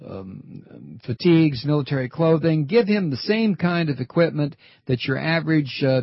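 A man giving an angry, profane on-air rant as a political commentator, taunting and rising to shouts. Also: mid-range voice, breathy edge, dry recording. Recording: dull dry broadcast audio.

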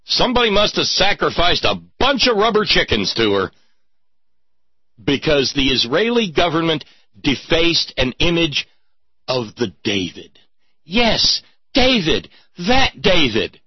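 A man's voice: a little high, very animated, unhurried, breathy edge, dry recording, dull audio. A man delivering a sarcastic, mocking commentary monologue with theatrical emphasis.

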